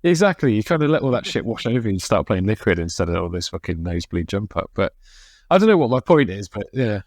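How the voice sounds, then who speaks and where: A man's voice: lowish voice, very animated, fast, a little mellow, dry recording. A man from England hosting a podcast, chatting casually in a rambling way with casual swearing. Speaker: podcast host. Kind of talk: casual chat.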